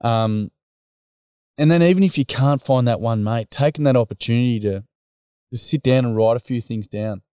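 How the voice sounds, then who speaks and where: A man's voice: medium pitch, normal speed, dark tone, clean tone, no room sound, clean studio sound. A middle-aged man with an Australian accent, a guest on a podcast interview, telling stories in a casual, slangy way. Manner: storytelling, full of slang, acts out dialogue. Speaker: guest, workshop facilitator.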